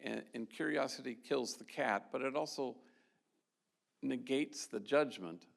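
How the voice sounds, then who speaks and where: Male priest, award speech, storytelling, gravelly tone, mid pitch, chatty restarts. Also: unhurried. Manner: conversational and anecdotal, with frequent restarts and filler. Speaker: Jesuit priest giving an award talk. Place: event hall with a live audience.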